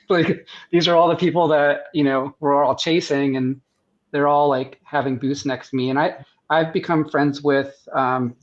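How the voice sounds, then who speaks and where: An American man, a guest artist and surgeon, telling stories in a rambling way with many restarts on a video-call podcast. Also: fairly high pitch. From United States. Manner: rambling, restarts often, laughs at his own stories. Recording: muffled lo-fi sound.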